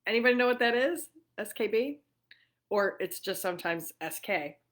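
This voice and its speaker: A middle-aged New York woman with a mid-range, expressive voice hosts a casual livestream chat from her living room at a moderate pace. She's chatty and warm-hearted, laughing often and talking freely with lots of fillers.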